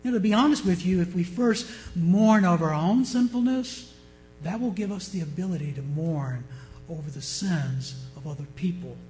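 A male pastor preaching a sermon with passion, swinging from loud declarations to hushed words. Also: high voice, moderate pace, soft background music, rough recording.

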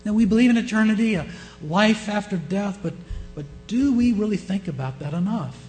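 A man with a Southern US accent preaching a sermon, often asking his listeners questions and shifting his pace and loudness. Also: sits high, animated, fairly quick, faint music behind. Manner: asks the congregation questions, varies pace and loudness. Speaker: pastor.

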